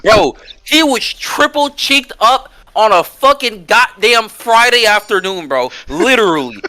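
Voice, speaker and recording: A man telling a long personal story in casual podcast chat, animated and profane and full of slang. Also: very high voice, a little slow, slight background noise.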